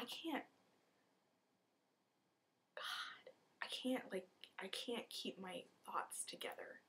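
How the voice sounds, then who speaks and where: Animated young woman rambling to camera. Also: a little high. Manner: animated, swears, acts out characters in quick asides. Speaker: vlogger. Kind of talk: rambling casual vlog.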